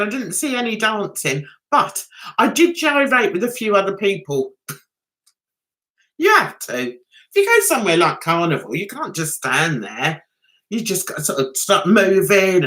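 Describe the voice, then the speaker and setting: A woman's voice: medium pitch, sharp tone. An older woman, hosting a casual livestream chat and rambling with giggles. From England. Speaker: livestream host.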